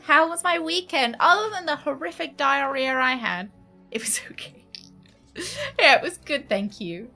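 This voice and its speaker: A woman streaming a game from home, chatting casually, laughing often and switching into a high baby voice for her dog. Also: moderate pace, hardly any pauses, pushed and bright, faint music behind. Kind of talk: casual live-stream chat.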